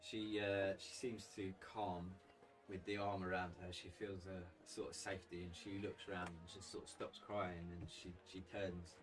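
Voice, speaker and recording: A man narrating as dungeon master in relaxed, casual tones over a video call. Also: low-pitched, normal speed, recorded from a distance. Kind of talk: narrating a tabletop game. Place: home room on video call.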